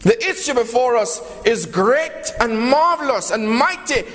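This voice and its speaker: A man's voice: very high voice, lively intonation, measured pace, fairly bright tone. A man preaching a sermon, telling a parable and calling his listeners beloved. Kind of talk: sermon with storytelling. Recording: long reverb, faint background noise.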